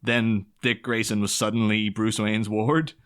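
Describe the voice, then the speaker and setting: Low-voiced guy on a podcast, chatty and animated, hopping into goofy voices. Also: clear, resonant tone. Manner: animated, slips into quick silly voices for quoted characters. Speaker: podcast co-host. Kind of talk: casual comic chat retelling comics.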